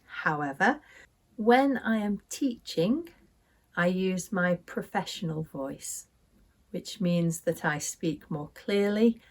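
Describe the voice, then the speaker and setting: A teacher from Derbyshire with a northern English accent speaks slowly and deliberately in a somewhat low voice. She explains clearly and says example words carefully, one at a time. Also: lively intonation. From Derbyshire, northern England. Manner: careful, deliberate, demonstrates pronunciations.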